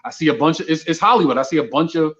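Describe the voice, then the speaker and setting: Heard in lo-fi audio with slight background noise, a Brooklyn, New York comedian guest tells a casual story very fast, animatedly performing the dialogue. His voice is a little high.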